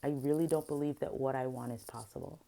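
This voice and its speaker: Very low-pitched woman, gravelly voice, middle-aged, upset confessional vlog, venting with restarts. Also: fairly even intonation, fast talker, warm tone. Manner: emotional, venting, with many restarts. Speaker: vlogger and therapist.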